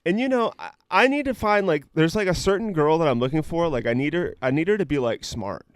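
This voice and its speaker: A man's voice: fairly high pitch, expressive, brisk, clean tone, no echo, studio quality. A young man co-hosting a podcast, telling stories in a rambling, profane way full of "like" fillers. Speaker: podcast co-host. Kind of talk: casual chat.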